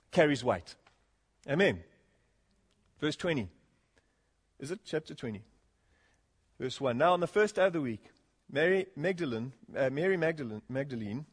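A man's voice: a little high, slightly rough. Earnest preacher man, long hall reverb. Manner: earnest, rising to emphatic, chuckles often. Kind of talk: expository sermon.

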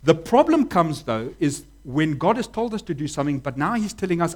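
A man preaching a sermon as pastor, animated, acting out voices and dropping to a hush. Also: a little high, a little fast. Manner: animated preaching, acts out voices, swings from loud to hushed.

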